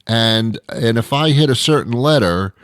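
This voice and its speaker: A man's voice: mid-range voice, animated, unhurried, no room sound, studio quality. A man hosting a show, delivering an exasperated comedic rant monologue full of stumbling restarts. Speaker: show host.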